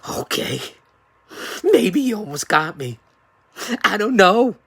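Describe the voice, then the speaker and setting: Male show host in wrestling-promo mode: raspy, gravelly, theatrical, jumps between yelling and hushed threats. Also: sits high, sing-song, takes it slowly, no echo. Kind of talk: wrestling-style hype promo.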